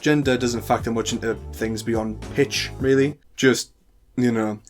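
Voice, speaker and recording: A man's voice: mid-range voice, fairly even intonation, measured pace, soft background music. A man with a northern English accent hosting a tutorial, chatty with playful asides. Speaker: host. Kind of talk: tutorial talk to camera.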